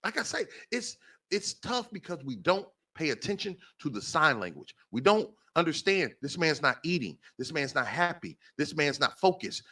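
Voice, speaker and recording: Male talk host, emphatic and repetitive, higher-pitched than most men, very expressive. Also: slightly rough. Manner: emphatic, repeats phrases for stress. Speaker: podcast host. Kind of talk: impassioned monologue.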